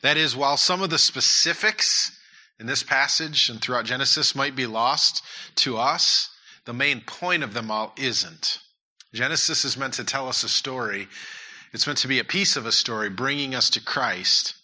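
A man's voice: mid-range voice, normal speed, sharp tone. A man preaching a sermon and leading prayer in a church, earnest and repeating his key points. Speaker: pastor.

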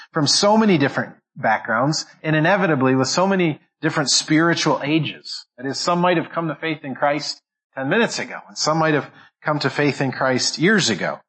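A man's voice: fairly high pitch, a bit bright, low-quality recording. Emphatic male pastor preaching. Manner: emphatic, word-by-word stress with repeated phrases; restarts and repeats words while thinking aloud. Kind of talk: sermon.

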